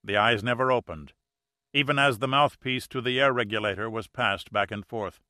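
A man giving steady, measured scripted narration of an adventure audiobook. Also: medium pitch, dry recording, studio quality.

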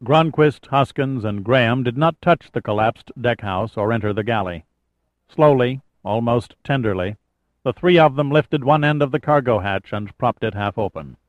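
A man narrating a novel in a measured, steady storytelling manner, in a dry, slightly muffled audiobook recording. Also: mid-range voice, no echo. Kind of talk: scripted narration.

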